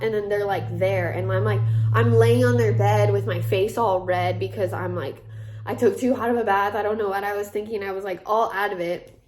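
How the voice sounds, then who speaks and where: A young woman in her twenties tells a personal story in a loose, chatty way. She leans on fillers and keeps slipping into the voices of the people in it. Her pitch sits in a plain middle range. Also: slight background noise. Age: 20s. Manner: chatty, filler-heavy retelling with many quoted asides. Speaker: vlogger. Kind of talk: casual storytelling.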